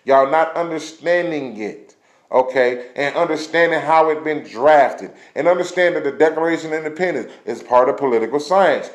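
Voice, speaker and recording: A man rants bluntly and passionately, swearing freely as he records himself. His voice sits a little higher than most men's. The sound bounces around a reverberant room. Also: moderate pace. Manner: blunt, passionate, profanity-laden. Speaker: vlogger ranting on camera. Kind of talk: heated profane rant.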